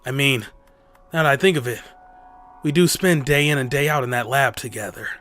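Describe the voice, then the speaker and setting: A man voicing a flustered, nervous male lab chief who stammers and hesitates, in a voice lower than his own. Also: moderate pace, a bit bright, natural voice. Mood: nervous hesitant.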